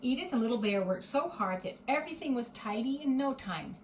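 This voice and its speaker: A woman's voice: on the high side, expressive, fairly quick, reverberant, a little hiss or hum. Woman reading a picture book to kids. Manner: gentle, explaining, asks listeners questions. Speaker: storyteller.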